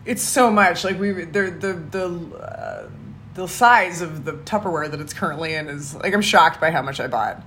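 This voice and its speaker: A woman's voice: on the low side, normal speed, fairly bright tone, slight background noise. A woman co-hosting a casual podcast, talking in rambling, restarting sentences and laughing often. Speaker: podcast co-host. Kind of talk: casual chat.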